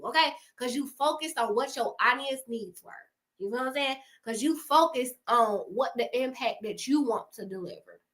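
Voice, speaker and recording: Woman, young adult, high voice, emphatic slangy pep talk, casual vlog advice. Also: pushed and bright. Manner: emphatic, slangy, laughs often. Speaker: YouTuber giving advice. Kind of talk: casual motivational talk to camera.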